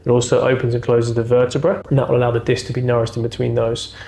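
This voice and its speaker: A man's voice: medium pitch, flat delivery, fast talker, gravelly, warm tone. Man coaching back exercises. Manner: cueing exercises step by step, counting down reps. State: slightly strained while holding the exercise. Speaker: chiropractor. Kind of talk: exercise demonstration.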